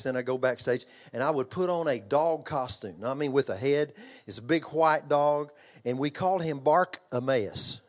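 An older man delivers a sermon in a fairly high voice. He preaches emphatically but conversationally, turning to his congregation with questions. He repeats phrases for weight and restarts lines as he goes. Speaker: pastor and children's ministry trainer.

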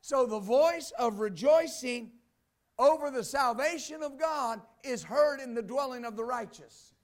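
A male pastor preaches with exuberance, swinging between loud declarations and quiet asides and laughing between his points. His voice is extremely high in pitch, and he takes an unhurried pace.

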